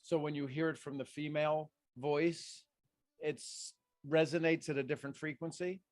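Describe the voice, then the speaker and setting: A man coaching a group on a video call, energetic and repeating his commands over and over. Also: a little high, moderate pace, dry recording, studio quality. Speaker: life coach.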